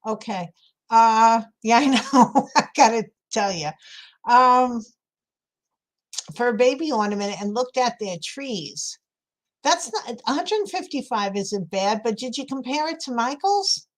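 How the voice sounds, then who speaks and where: A woman's voice: fairly high pitch, animated, a little slow. A woman with a New York accent, chatting casually with viewers while crafting, laughing often. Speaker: craft livestream host.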